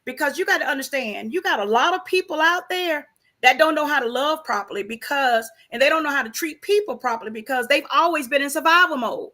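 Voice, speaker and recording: Woman with a high bright voice, preachy and emphatic, keeps asking you know what im saying. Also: lively intonation, brisk. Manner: emphatic, preachy, repeats rhetorical questions. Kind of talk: casual faith-based conversation.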